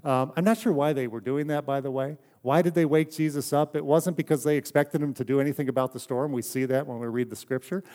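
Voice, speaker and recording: A man's voice: medium pitch, steady tone, fast, hardly any pauses. Conversational male pastor preaching. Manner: conversational, anecdotal, drops to a soft hush for emphasis. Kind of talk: sermon.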